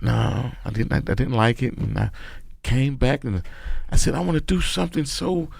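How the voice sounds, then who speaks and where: A man's voice: medium pitch, lively intonation, moderate pace, vocal fry, darkish tone, dry recording. A middle-aged man, a podcast guest telling his life story in an emphatic, preachy way. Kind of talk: casual storytelling interview.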